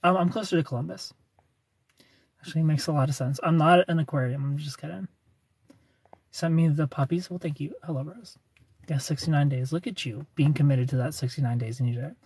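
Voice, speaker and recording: A man's voice: on the high side, steady tone, brisk, darkish tone, husky, dry recording. A man hosting a casual livestream, greeting viewers by name, reading their comments aloud and teasing them with frequent laughs. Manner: chatty, reads viewer names and comments aloud. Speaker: livestream host.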